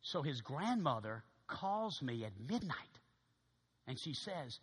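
A man preaching as a pastor, telling a story in an animated way and acting out each voice. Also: mid-range voice, slow, slightly rough, long reverb tail. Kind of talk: sermon storytelling.

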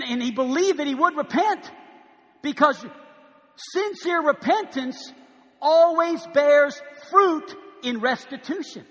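A man preaching a sermon as pastor, animated, swinging from loud calls to a hushed near-whisper. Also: extremely high pitch. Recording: long reverb in a large hall.

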